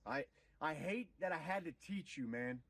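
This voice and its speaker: A man's voice: a little high, expressive, moderate pace, fairly bright tone, dry recording, pitched above the performer's own voice. A man voicing God as a weary, exasperated father figure, in casual slang.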